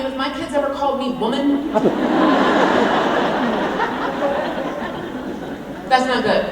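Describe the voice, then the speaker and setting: A woman with a high voice delivers a lighthearted devotional talk at a women's event, chatting and poking fun at herself. The distant recording picks up the echo of a large hall along with a little hiss or hum.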